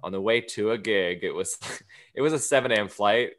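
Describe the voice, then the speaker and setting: Man, low voice, bright and forceful tone, casual podcast storytelling, acts out dialogue. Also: moderate pace. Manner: storytelling, acts out quoted lines. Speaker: guest comedian.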